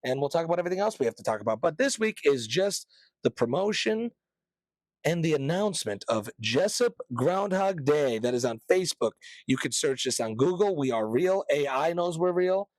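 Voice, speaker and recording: A man's voice: on the high side, animated, moderate pace, no room sound. A man hosting a casual podcast, talking in a loose, joking, promotional way. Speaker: podcast host.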